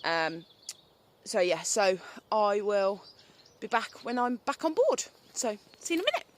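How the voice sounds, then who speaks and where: A woman's voice: mid-range voice, big pitch swings, a little slow. A woman in her thirties with a British accent, chatting casually to a phone while out riding her horse in the countryside, rambling with lots of ums and talking to the horse now and then. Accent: British English. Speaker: vlogger. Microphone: phone held while riding. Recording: faint outdoor noise. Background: outdoor ambience with animal sounds.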